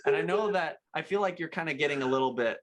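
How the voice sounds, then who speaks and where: A man's voice: on the high side, lively intonation, quick pace, slight background noise. A young man chatting casually as a podcast guest, rambling and laughing at himself. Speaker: guest, gaming channel co-host.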